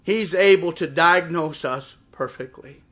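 High-voiced, impassioned male preacher. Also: unhurried. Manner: impassioned preaching that swells to near shouting. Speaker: pastor. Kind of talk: sermon. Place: church service before a congregation.

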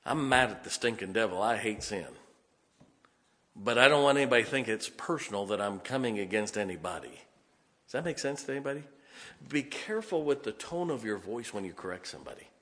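A man's voice: fairly low pitch, lively intonation, brisk, pushed and bright. A middle-aged man pastor preaching a sermon, telling folksy stories and laughing often. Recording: reverberant hall.

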